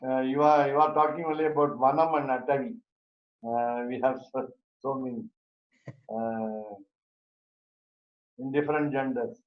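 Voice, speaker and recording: A man teaching a Sanskrit grammar class, talking haltingly with many fillers and restarts. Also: medium pitch, fairly even intonation, echoey room, highs cut off.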